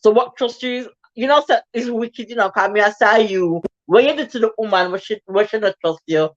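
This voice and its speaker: A woman's voice: mid-range voice, a little fast, muffled recording, lightly acted. A woman putting on a Jamaican patois voice to mock-scold someone in a teasing way.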